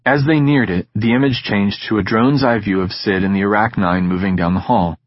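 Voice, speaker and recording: Low husky male narrator. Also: dry recording, dull audio. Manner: measured, steady storytelling. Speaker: audiobook narrator. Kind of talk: scripted narration.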